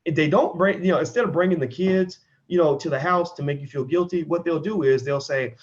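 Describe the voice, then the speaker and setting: A man giving casual, animated political commentary, swearing and slipping into mock voices to make his point. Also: fairly high pitch, a little fast, dull audio. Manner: animated, profane, slips into mock voices for emphasis.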